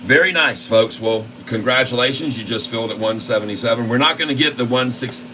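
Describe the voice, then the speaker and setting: A man hosting a trading channel, commentating live on his trades in a folksy, excitable way and constantly talking to his viewers. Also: mid-range voice, fairly quick, background noise. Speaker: stock trading channel host.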